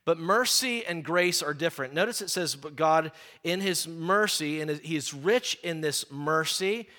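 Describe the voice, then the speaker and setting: A middle-aged man preaching a sermon, stressing key phrases slowly and often repeating words as he talks. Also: on the high side, pushed and bright.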